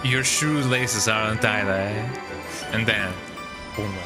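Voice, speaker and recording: A man's voice: on the low side, steady tone, takes it slowly, loud music behind the voice. A man whose first language is Spanish, commenting casually on his gameplay, chatty and wry, often tagging sentences with a questioning "eh". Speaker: streamer.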